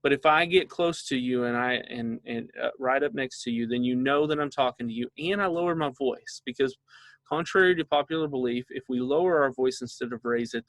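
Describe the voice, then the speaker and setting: A man's voice: mid-range voice, a bit bright, dry recording. A middle-aged man, a father, leading a casual training session for parents and often checking in with his listeners.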